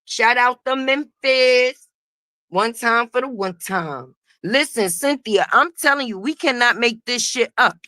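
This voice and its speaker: A woman hosting a casual gossip commentary stream, profane and animated, talking straight to her viewers. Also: fairly high pitch, moderate pace, few pauses, dry recording, clean studio sound. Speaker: host.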